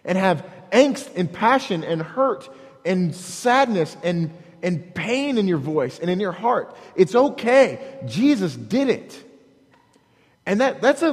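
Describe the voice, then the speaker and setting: Delivering a sermon, this pastor has a high voice and an earnest, halting style, restarting with repeated words and slipping into dramatic quoted prayers. The recording has a big-room quality.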